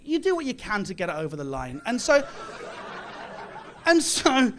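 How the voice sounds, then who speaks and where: A man's voice: high voice, wildly swooping pitch, normal speed, a little hiss or hum. A British man performing a stand-up comedy set in a club, with boastful mock bravado and self-mocking delivery. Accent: British English. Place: comedy club, live audience. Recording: live club with audience laughter.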